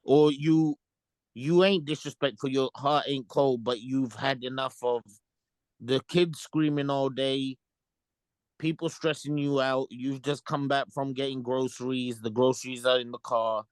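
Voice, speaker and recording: A man's voice: mid-range voice, steady tone, unhurried, clear, resonant tone, dry recording. Challenging man spinning a hypothetical. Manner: challenging, lays out hypotheticals in street slang. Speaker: podcast co-host. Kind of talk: casual group chat.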